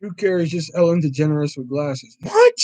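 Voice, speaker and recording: A man's voice: a little high, moderate pace, dry recording, rough recording. A man from Virginia hosting a casual livestream, telling stories with lots of swearing and reacting to his chat. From Virginia, USA. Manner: animated, profane storytelling. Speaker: livestream host.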